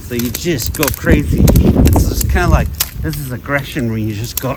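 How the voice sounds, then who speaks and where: A man's voice: mid-range voice, expressive, normal speed, few pauses, heavy background noise. A middle-aged man casually talking through a how-to vlog outdoors in snowy woods, chatty and rambling with jokes. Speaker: outdoors vlogger.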